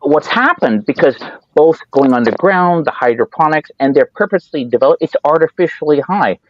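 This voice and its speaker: A man's voice: a little high, lively intonation, fairly quick, no room sound. Rambling man with dull lo-fi sound. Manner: rambling storyteller, acts out quoted voices. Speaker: podcast host. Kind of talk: casual chat.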